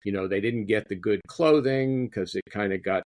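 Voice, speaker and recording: A man's voice: on the low side, normal speed, darkish tone, no echo. A man, an author being interviewed, talking in a rambling way and often repeating his words. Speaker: guest author. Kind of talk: interview conversation.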